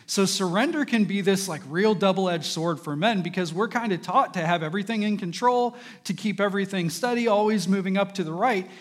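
A man's voice: high-pitched, brisk, hardly any pauses. Candid man giving a devotional talk. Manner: candid, conversational personal testimony. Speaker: church minister.

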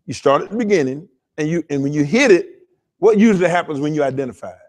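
A man's voice: fairly high pitch, animated, fast talker, darkish tone. A man preaching a sermon as pastor, calling on the congregation to talk back and repeating words as he builds emphasis. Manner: call-and-response preaching to a congregation; stammering repetitions while building emphasis.

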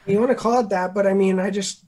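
A young man, a beat producer, explaining his process in casual chat, rambling and filling every pause with "like". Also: sits high, fairly even intonation, darkish tone. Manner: rambling, filler-heavy, says "like" constantly.

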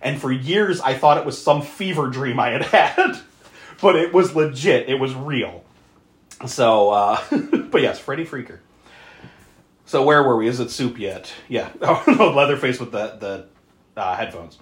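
A podcast co-host casually recapping a movie, animated, laughing often and swearing freely. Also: mid-range voice, a little slow, roomy sound.

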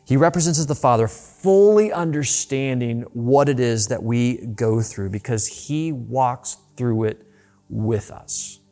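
A man preaching a sermon, reading scripture aloud and explaining it, slowing to emphatic pauses and dropping his voice on key words. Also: mid-range voice, mellow, soft background music. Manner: reads scripture aloud with lifted, dramatic quoted lines.

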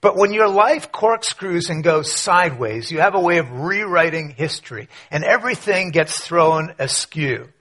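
A man preaching a conversational sermon, telling a story with rhetorical questions and quiet asides. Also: fairly high pitch, expressive, normal speed, hardly any pauses, husky. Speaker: pastor.

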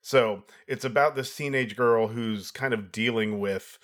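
A man's voice: medium pitch, a little slow, fairly bright tone. A man co-hosting a casual film review chat, explaining his views thoughtfully and at length. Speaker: podcast co-host.

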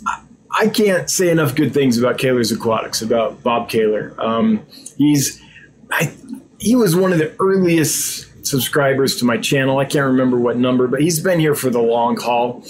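A man's voice: mid-range voice, moderate pace, slight background noise, rough recording. A man chatting casually on his own stream, ad-libbing with frequent ums and restarts, growing enthusiastic as he describes aquarium fish. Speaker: aquarium fish seller and channel host. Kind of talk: casual live-stream chat.

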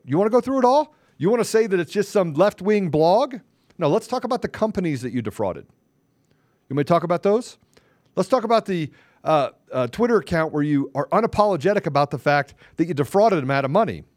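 A man with a high, lively voice, hosting a podcast and launching into a combative, taunting rant. He hammers his points with repeated phrases and mild cursing. The recording is dry and close, with no room sound. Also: fairly quick, dry recording. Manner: curses mildly, repeats phrases for emphasis. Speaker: podcast host.

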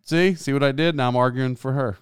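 A man's voice: medium pitch, fairly quick, clear, resonant tone, dry recording, clean studio sound. A sports announcer telling a long rambling story in a casual, self-deprecating way, laughing as he goes.

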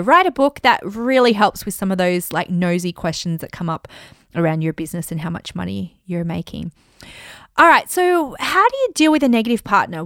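A woman hosting a casual talk on money mindset, chatty and animated, acting out bits of dialogue. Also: on the low side, clean tone, no room sound, clean studio sound. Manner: chatty and animated, acts out dialogue in bright voices. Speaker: host and money mindset coach. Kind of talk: casual teaching monologue.

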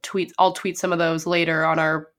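A woman's voice: low-pitched, level tone, moderate pace, a bit bright. Young female podcast co-host, casual fangirl chat, peppered with "like", slight cold. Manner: gushing, heavy use of "like". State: sick with a sore throat.

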